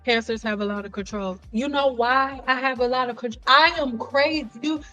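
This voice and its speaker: A woman hosting a casual livestream chat, telling stories in an animated way, acting out the voices she quotes and joking bluntly with her viewers. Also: fairly high pitch, moderate pace, faint music behind. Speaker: livestream host. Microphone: computer mic on a livestream.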